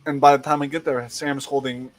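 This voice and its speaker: A man's voice: medium pitch, flat delivery, fairly quick, no room sound, rough recording. A man telling a rambling anecdote in casual chat, laughing as he goes.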